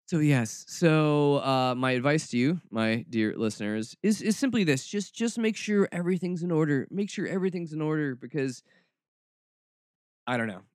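A man's voice: a little high, lively intonation, moderate pace, no echo, clean studio sound. A man hosting a podcast, talking in a sarcastic, snarky and mock-dramatic way in casual commentary. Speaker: podcast host.

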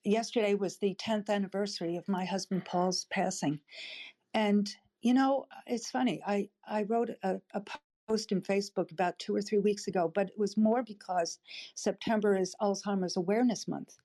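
Older woman, tearful and halting, mellow tone, heartfelt sharing. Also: mid-range voice. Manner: emotional, halting, warm-hearted. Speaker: audience member speaking up. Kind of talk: emotional personal sharing.

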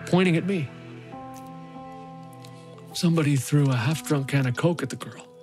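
A man's voice: fairly high pitch, moderate pace, faint music behind, close to an everyday voice. A man playing a haunted rescue volunteer. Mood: shaken. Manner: intense, emotionally raw. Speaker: narrator. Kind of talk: dramatic first-person monologue.

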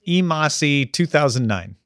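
A man's voice: fairly high pitch, expressive, normal speed, a bit bright, no echo. A man co-hosting a podcast in casual chat, easygoing with dry, joking asides. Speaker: podcast co-host.

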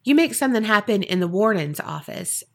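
A woman's voice: medium pitch, very animated, brisk. A woman doing a jumpy prison guard.

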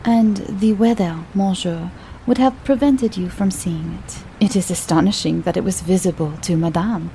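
Woman doing a grim breton innkeeper guy, slow, hushes to a whisper, soft mellow voice. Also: on the low side, vocal fry, a little hiss or hum, low-quality recording. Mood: solemn. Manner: slow, solemn, drops to a whisper. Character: grave middle-aged male Breton innkeeper.

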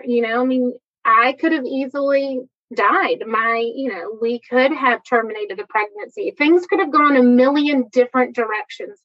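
A woman, giving an earnest, heartfelt personal faith testimony. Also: on the high side. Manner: earnest, heartfelt, addresses listeners as y'all. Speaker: testimony speaker. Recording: dull lo-fi recording.

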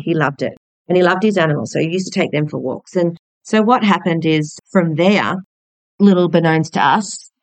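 A blunt, candid Australian woman in her forties recounts a family story in a personal, storytelling way, swearing freely. Her voice sits on the low side. The sound is dry and close, with no room around it. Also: no echo, low-quality recording. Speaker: podcast host.

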